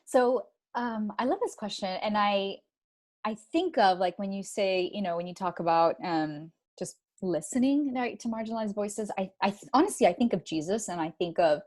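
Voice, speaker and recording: Animated woman guest, chatty storyteller. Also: mid-range voice, moderate pace. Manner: animated storytelling, many likes and you-knows. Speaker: guest, author. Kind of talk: conversational interview.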